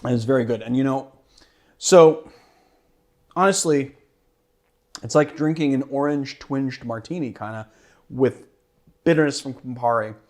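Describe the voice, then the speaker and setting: A man's voice: mid-range voice, a little slow, long pauses, a little mellow. A man hosting a cocktail show, chatting casually about a drink he is tasting, rambling and self-deprecating and laughing easily.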